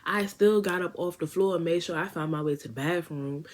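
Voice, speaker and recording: A woman's voice: lowish voice, fairly quick, natural voice. Woman quoting an exasperated young guy. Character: indignant young man, teasing friend.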